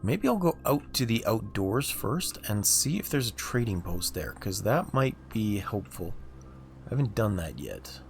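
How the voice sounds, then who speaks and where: Gravelly man chatting over his game. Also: lowish voice, sing-song, unhurried, faint music behind. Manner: chatty, laughing, musing aloud while playing. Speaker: streamer. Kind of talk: casual gameplay livestream chat.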